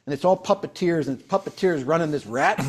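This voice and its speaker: Older male host, higher register, lively storyteller energy, casual company broadcast. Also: breathy edge. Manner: animated storyteller, quick bursts. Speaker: sales leader hosting a company broadcast. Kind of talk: casual company sales chat.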